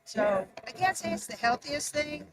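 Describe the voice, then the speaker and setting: A woman's voice: high voice, expressive, moderate pace, over loud music. A woman chatting cheerfully as a guest at a busy convention, rambling as she talks. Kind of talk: casual chat. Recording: busy crowd behind. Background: crowd chatter.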